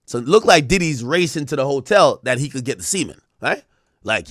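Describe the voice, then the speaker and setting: A young man doing a livestream reaction, loud and profane, laughing and mocking as he reads texts aloud. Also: mid-range voice, lively intonation, a little fast, dry recording, studio quality. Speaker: streamer reacting to trial texts.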